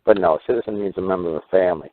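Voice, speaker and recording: A man hosting a call-in radio show, talking in a rambling way and acting out little dialogues with sudden jumps in pitch. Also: racing. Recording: tinny phone-like radio audio.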